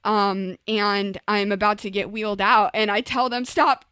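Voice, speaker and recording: A woman's voice: mid-range voice, fairly even intonation, moderate pace, sharp tone, clear, resonant tone, dry recording. A young woman, a recording artist, tells her story in an interview with emotion, often saying "like" and "you know" and acting out her past words.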